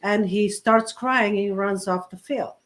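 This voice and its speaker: A woman in casual conversation, telling a parenting story with animated energy and acting out the dialogue. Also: mid-range voice, measured pace. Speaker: parent guest. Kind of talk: casual chat.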